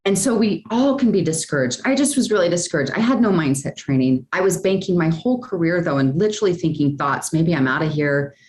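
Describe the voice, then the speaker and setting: A woman guest in a podcast interview, telling a personal story in a lively, chatty way, often tossing in "like" and "right?". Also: fairly low pitch, fast talker, hardly any pauses, reverberant. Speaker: guest, speaker and sales coach.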